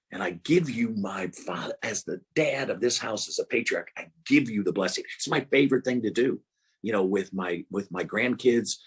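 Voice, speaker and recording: An older man speaks as a guest author over a video call, his voice low and a little husky. He talks in a loose, rambling way, circling back with fillers and restarts. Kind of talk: casual interview about prayer.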